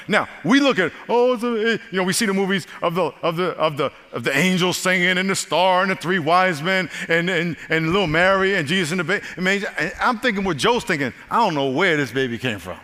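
An older man preaching a sermon as pastor, telling the story with lively, acted-out asides. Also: sits high, fairly quick, hardly any pauses, in a large hall. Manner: animated storytelling with voiced asides.

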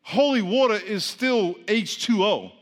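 The preacher's voice is high-pitched and his pace measured, with a long hall reverb on the recording. Teaching a class, the man, who grew up Catholic, runs a playful call-and-response sermon and quizzes those listening.

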